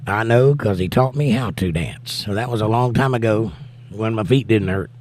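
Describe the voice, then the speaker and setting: A man's voice: lowish voice, moderate pace, a little mellow. A tired middle-aged man hosting a casual live stream, reading viewer comments aloud and answering them with laid-back, wry remarks. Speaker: livestream host.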